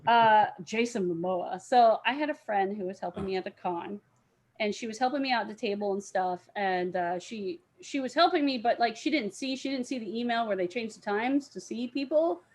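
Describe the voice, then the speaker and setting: Rambling, excitable woman telling stories. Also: on the high side, normal speed. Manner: rambling anecdotes, many fillers, laughs often. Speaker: podcast guest, cosplayer. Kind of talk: casual storytelling chat.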